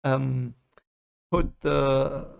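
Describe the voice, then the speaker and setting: A man's voice: mid-range voice, fairly even intonation, very slow, creaky, darkish tone, smooth. A man hosting a movie reaction, rambling and correcting himself as he thinks aloud. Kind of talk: casual reaction commentary.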